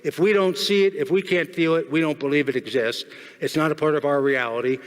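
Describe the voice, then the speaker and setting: A man's voice: fairly high pitch, a little fast. A middle-aged man giving a keynote speech on stage, joking and firing questions at the audience. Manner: jokey, asks the audience questions. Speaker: keynote speaker. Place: large hall with audience. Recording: long hall reverb.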